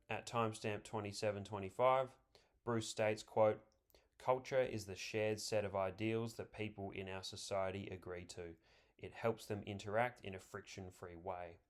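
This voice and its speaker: A man delivering scripted political commentary, reading quotations aloud in a measured, deliberate way and stressing key words. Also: on the low side.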